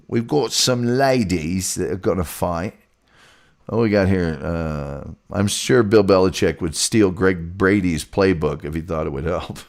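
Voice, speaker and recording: A man hosting a casual sports talk show, reading out his fight picks and viewer comments. His voice sits on the low side. He talks slowly, dry and rambling, as if chatting to regulars.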